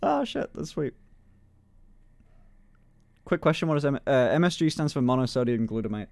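Lively, playful young male streamer. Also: medium pitch, moderate pace, gravelly, dry recording. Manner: swears freely, laughs a lot, playful voice experiments. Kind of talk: casual live-stream chat.

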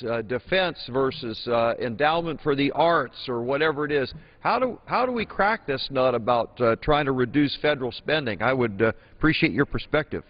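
A man, a congressman leading a floor discussion, speaking in a halting, conversational way with many fillers. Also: medium pitch. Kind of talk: House floor speech. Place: House chamber. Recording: dull broadcast audio.

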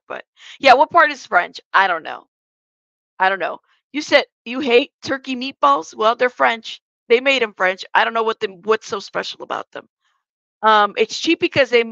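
A woman hosts a live commentary stream, reading the chat and joking along in a chatty way. Her voice is high, bright and gravelly. The recording sounds dull and dry. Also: no echo. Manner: chatty, joking asides, laughs often. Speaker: commentary channel host.

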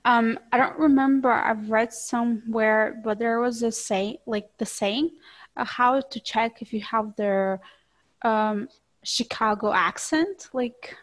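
A woman's voice: a little high, slow. A woman moderating an online Q&A, asking questions hesitantly with many fillers over a video call. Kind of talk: casual online Q&A.

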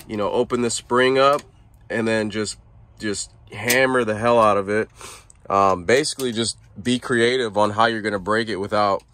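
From inside his truck cab, a man vlogs a casual how-to, explaining a repair in a laid-back, rambling style full of fillers and restarts. His voice is lowish and fairly bright, with no room sound.

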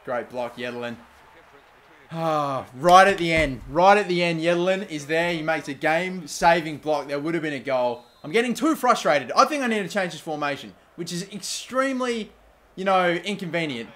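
Excitable young man shouting at a football game. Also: fairly high pitch. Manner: excitable, swears, shouts at players. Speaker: gaming YouTuber. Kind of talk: gameplay commentary.

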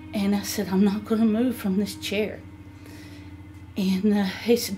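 A middle-aged woman telling a personal story in a halting way, full of fillers and restarts. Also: mid-range voice, steady tone, dark tone, soft background music. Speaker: homeowner telling her story. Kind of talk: emotional personal account.

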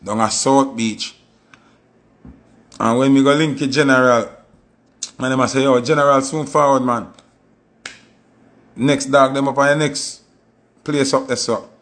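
A man with a Jamaican Patois accent, telling stories in a casual monologue and acting out quoted voices with sudden high jumps. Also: steady tone, a little slow, pauses often, a bit bright. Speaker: commentator.

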